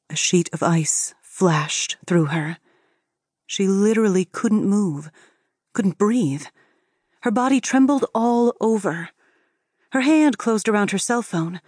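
A woman narrating an audiobook with steady, expressive storytelling. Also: mid-range voice, no room sound, clean studio sound.

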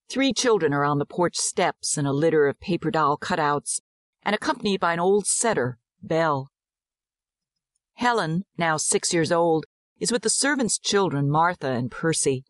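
A woman narrating a dramatized audiobook in a measured, descriptive way. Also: sits low, dry recording, studio quality.

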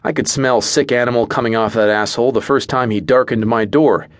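A man's voice: medium pitch, fairly quick, no echo. A man narrating a first-person fantasy audiobook in a wry, dry storytelling manner.

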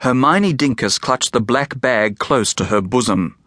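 Male narrator for a kids' novel; animated, storytelling delivery, dry booth sound. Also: mid-range voice, unhurried, no room sound. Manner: expressive, storytelling. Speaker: audiobook narrator and author. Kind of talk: scripted narration of a children's novel.

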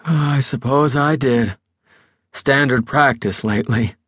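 A man's voice: mid-range voice, slow, a bit bright, slightly rough, no echo, clean studio sound, pitched above the performer's own voice. A male narrator playing a tipsy, stubborn older political fixer who rambles with backslapping bluster. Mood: boozy.

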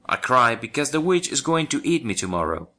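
A man's voice: medium pitch, sing-song, a little fast, sharp tone. A man voicing a frightened young boy captured by a witch, in a children's storybook. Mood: plaintive.

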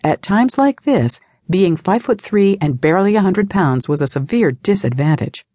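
A woman narrating an audiobook in a steady, even tone. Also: on the low side, normal speed, no room sound, studio quality. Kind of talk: scripted narration.

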